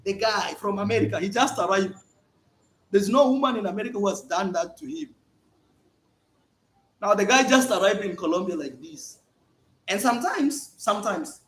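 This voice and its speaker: A man's voice: high-pitched, moderate pace. A man vlogging at home, telling a story emphatically and repeating words for effect. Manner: animated, emphatic storytelling with repetitions. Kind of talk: casual vlog monologue. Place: at home, indoors.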